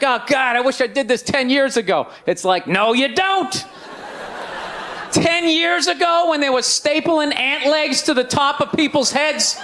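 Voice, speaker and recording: Male stand-up comic, forties, loud sarcastic rant delivery, high-pitched voice, live room with faint crowd noise. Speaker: stand-up comedian. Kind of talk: stand-up routine. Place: comedy stage before a live audience. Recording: live show with crowd laughter.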